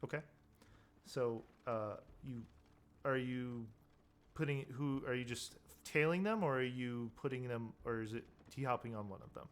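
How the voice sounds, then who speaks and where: Man, game master, tabletop narration, loose, self-correcting, middle pitch. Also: normal speed.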